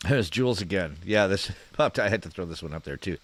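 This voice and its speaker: A man hosting his channel, reading out viewer comments in a relaxed, chuckling chat and swearing freely. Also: deep voice, fairly quick, few pauses. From Canada. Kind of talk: casual chat.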